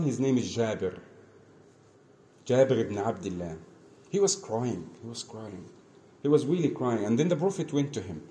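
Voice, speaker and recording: Earnest preacher. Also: male voice, medium pitch, a little hiss or hum. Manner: earnest, repetitive, swings between soft and emphatic. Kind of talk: mosque lesson, storytelling sermon.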